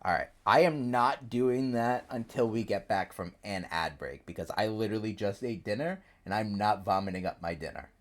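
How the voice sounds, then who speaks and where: A man's voice: lowish voice, moderate pace, hardly any pauses. A man live-streaming a story game, chatting casually and rambling as he plays. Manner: chatty, rambling, lively, reads characters aloud. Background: faint game piano music.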